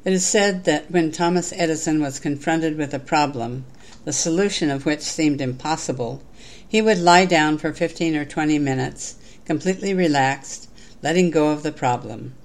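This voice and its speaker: This spiritual speaker, medium in pitch, offers an inspirational talk and guides a meditation. The delivery is calm, measured, and gently instructive.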